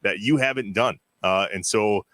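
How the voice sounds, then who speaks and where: Low, bright-toned male host. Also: normal speed, dry recording. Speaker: interview host. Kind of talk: casual interview chat.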